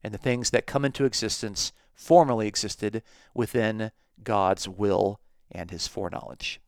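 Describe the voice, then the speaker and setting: A man teaching a recorded Bible lesson, measured and emphatic on key words. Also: lowish voice, no echo, studio quality.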